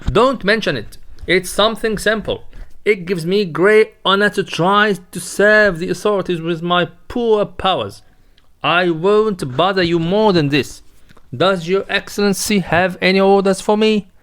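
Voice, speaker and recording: A man's voice: sits high, measured pace, fairly bright tone, voice pushed up. A man reading a fawning town judge. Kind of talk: dramatic reading of a play.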